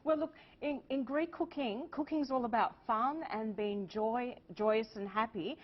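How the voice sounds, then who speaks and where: A woman's voice: on the high side, unhurried. An Australian woman, a guest chef, chatting cheerfully through a cooking demonstration. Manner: cheerful, laughs often. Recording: dull lo-fi TV audio.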